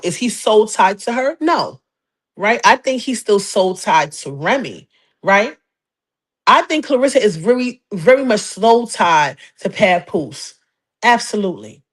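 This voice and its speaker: Sassy woman host, high voice. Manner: sassy, emphatic, repeats phrases. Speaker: podcast host. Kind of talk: casual gossip talk show.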